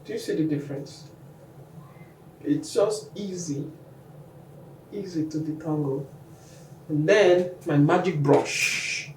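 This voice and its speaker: A woman's voice: sits low, slow, long pauses, darkish tone. A woman walking viewers through her hair care routine in a casual, chatty how-to vlog. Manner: chatty, talks the viewer through each step. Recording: echoey room, mic at a distance, faint noise.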